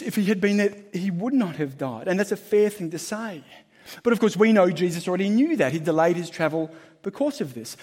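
A man preaching a sermon as pastor, emphatic and shifting between loud and hushed. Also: sits high, breathy edge. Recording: long hall reverb.

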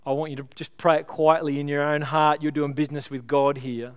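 A man preaching to his congregation in a smooth, resonant voice pitched a little high. He talks earnestly and pleadingly, speeding up to drive a point home and slowing down to lead a prayer. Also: level tone. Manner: earnest, pleading, builds with illustrations then slows to prayer. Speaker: pastor. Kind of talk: sermon. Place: church service.

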